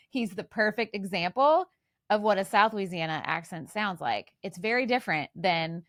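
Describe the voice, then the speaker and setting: A woman's voice: medium pitch, lively intonation, a little slow, dry recording, clean studio sound. A woman in her forties with a faint Southern accent, co-hosting a podcast in casual, chatty conversation and laughing often. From American South. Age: 40s. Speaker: podcast co-host. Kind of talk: casual chat.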